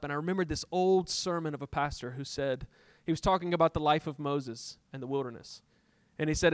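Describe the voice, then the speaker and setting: A middle-aged man preaches a sermon, weaving a personal story and playing out his own heated exchanges with God. His voice sits a little high and swells into passionate peaks before dropping back to a softer tone. The recording is close and dry, with no room sound. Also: smooth, no echo. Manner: storytelling, acts out dialogue with God, rising to impassioned peaks. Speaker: pastor.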